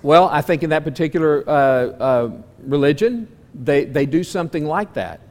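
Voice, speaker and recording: A man with a fairly high voice preaches to a church class in a folksy way. He puts question after question to the room, rising loud and dropping soft. His voice rings through a hall with a long reverb. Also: expressive, normal speed. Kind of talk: sermon-style Bible class.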